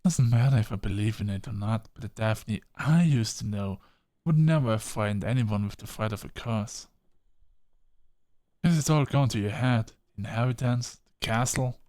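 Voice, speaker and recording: A man voicing an estranged, disappointed man in a story game, reading the lines in a calm, reproachful way. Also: fairly low pitch, moderate pace, no echo, lightly acted.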